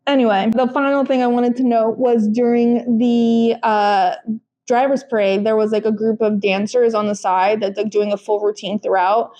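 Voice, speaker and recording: A woman's voice: a little high, steady tone, moderate pace, dark tone. Chatty young woman podcast host. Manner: chatty, frequent fillers and restarts. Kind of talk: casual chat.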